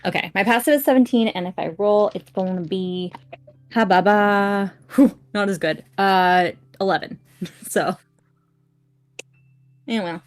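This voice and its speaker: A woman's voice: medium pitch, a little slow, long pauses, soft background music. A woman playing in a tabletop game, chatting casually and playfully about her rolls. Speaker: player.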